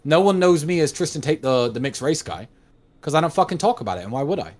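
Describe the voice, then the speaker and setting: A man's voice: a little high, animated, fast, darkish tone. A man in his thirties talking bluntly and emphatically, with frequent swearing, as a guest in a casual conversation. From United States. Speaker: livestream guest.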